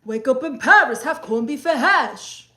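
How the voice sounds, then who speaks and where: Brash female rapper, boastful, loud, high, New York accent, put on by a woman. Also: expressive, a little slow, echoey room, exaggerated voice. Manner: loud, rhyming, bragging.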